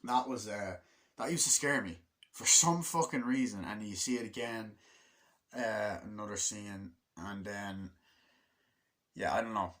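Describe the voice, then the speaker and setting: A man's voice: lowish voice, unhurried, fairly bright tone. A young man reviewing a movie in a rambling, casual way, swearing often and acting out lines in put-on voices.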